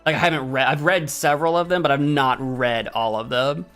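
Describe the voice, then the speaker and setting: A man streams a video game, chatting casually, laughing often and thinking aloud as he reacts to what's happening on screen. His mid-range voice is a bit bright, with fairly even intonation and a slightly fast pace. Faint music plays behind him.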